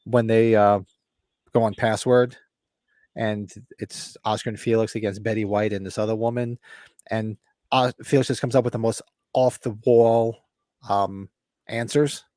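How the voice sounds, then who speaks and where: A man's voice: on the low side, a little slow, no echo, studio quality. A man co-hosting a live movie watch-along, telling stories in casual chat and acting out the quotes. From New Jersey. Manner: animated storyteller, acts out quotes.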